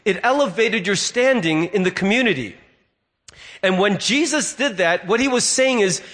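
A man's voice: high-pitched, animated, moderate pace, fairly bright tone. A male pastor giving a sermon, telling a story and briefly voicing the people in it. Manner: storytelling, acts out voices in quotes.

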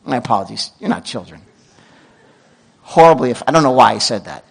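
A middle-aged man preaching a sermon as pastor, telling stories with lively asides and quick self-corrections. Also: medium pitch, vocal fry, poor audio.

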